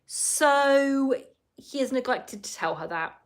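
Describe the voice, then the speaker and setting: A woman's voice: high-pitched, lively intonation, takes it slowly. A woman hosting a casual solo podcast, recapping a reality show in a chatty, rambling way full of asides and apologies.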